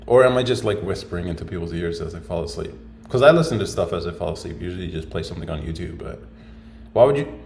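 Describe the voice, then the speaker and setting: Answering viewer comments on his casual livestream, this man thinks aloud, rambling and musing with lots of fillers. He speaks on the low side with a slightly mellow tone, and the roomy, echoing recording carries a little hiss or hum.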